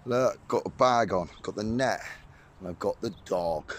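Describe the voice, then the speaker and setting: A man with a hoarse voice from a cold, chatting casually and cheerfully into a handheld camera beside a small overgrown lake. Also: fairly low pitch, a little slow, slight background noise. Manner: upbeat, rambling, laughs often. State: hoarse, losing his voice from a cold. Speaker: fishing vlogger.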